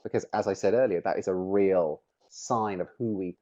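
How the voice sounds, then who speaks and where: A middle-aged man with a lowish voice presents a webinar, leaning on key words to drive his points home. The audio is dull and lo-fi, like a typical online session. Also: moderate pace, dark tone. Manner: emphatic, varies stress on words to make points.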